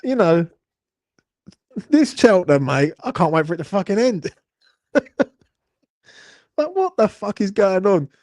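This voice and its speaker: A man's voice: a little high, darkish tone, no echo, studio quality. A young man, hosting a live horse racing watchalong, swearing and grumbling in a rambling way. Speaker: watchalong host.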